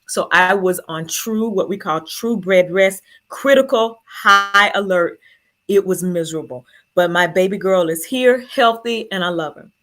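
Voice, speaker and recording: A woman speaks to a group in an earnest, heartfelt way, sharing her story at her own pace. Her voice stays in a middle pitch, and she sounds close to tears as she pushes on. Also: measured pace, fairly bright tone. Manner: earnest, emotional, fighting back tears. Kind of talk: personal storytelling to an audience.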